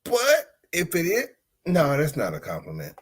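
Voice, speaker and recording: Man, podcast host, casual storytelling, lively pitch swings, slightly high voice. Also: normal speed, noisy background. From United States. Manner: animated, slangy, swings between loud outbursts and low mutters.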